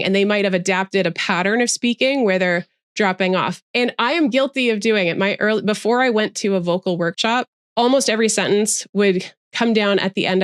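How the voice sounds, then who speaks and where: A woman's voice: mid-range voice, dry recording, clean studio sound. A woman guest who trains presenters, explaining her views articulately in a casual interview over a video call.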